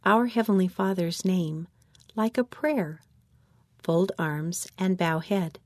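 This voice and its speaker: A woman reading a children's church lesson manual aloud in a measured, instructional way. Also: medium pitch, a little mellow, no room sound, studio quality.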